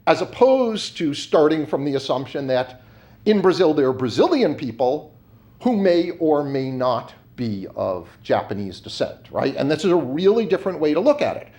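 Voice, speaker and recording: A man's voice: fairly high pitch, very animated, normal speed, hardly any pauses, darkish tone. A middle-aged man giving a university lecture in a conversational way, with restarts and fillers. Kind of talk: academic lecture.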